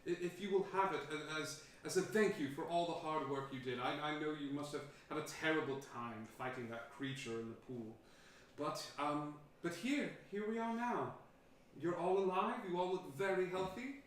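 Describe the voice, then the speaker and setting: A man's voice: on the high side, moderate pace, pitched above the performer's own voice, close to an everyday voice. A man putting on a gushing regal queen. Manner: effusive, stammering. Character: gracious regal Red Queen, woman. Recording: echoey room from far off, faint noise.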